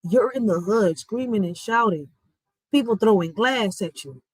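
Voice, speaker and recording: A woman's voice: medium pitch, measured pace, breathy edge, no room sound, low-quality recording. A woman giving blunt, heated commentary as a vlogger, ranting emphatically. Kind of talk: heated social media commentary.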